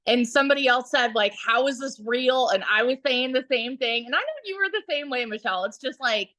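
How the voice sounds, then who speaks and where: A woman in her thirties talking on a phone mic as a webinar guest, chatty and excited, telling her story with lots of asides to viewers. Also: fairly high pitch, fast, no echo. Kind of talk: enthusiastic testimonial on a livestream. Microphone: phone held in hand.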